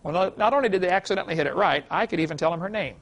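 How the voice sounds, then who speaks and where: A man's voice: sits high, racing, vocal fry, fairly bright tone. A man giving a folksy classroom lecture, telling anecdotes with chuckles and many "you know"s.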